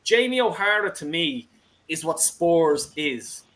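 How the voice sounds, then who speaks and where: A man's voice: on the high side, big pitch swings, slow, a bit bright, low-quality recording. A man hosting a football fan call-in show, ranting heatedly with constant swearing.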